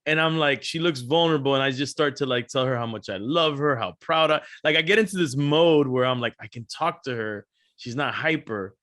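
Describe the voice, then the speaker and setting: A man co-hosting a casual podcast, telling animated stories with frequent laughs and casual swearing. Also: medium pitch, a little fast. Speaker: podcast co-host. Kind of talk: casual chat.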